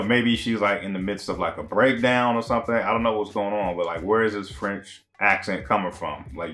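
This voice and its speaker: A TV show reviewer with a fairly low, slightly bright male voice recaps and reacts to an episode. His commentary is casual and rambling, loaded with slang and filler words.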